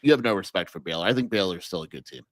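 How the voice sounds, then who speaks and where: A man's voice: sits low, animated, very fast, dry recording. A man co-hosting a sports podcast, answering in a dry, matter-of-fact way and quoting statistics. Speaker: podcast co-host. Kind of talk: casual sports podcast chat.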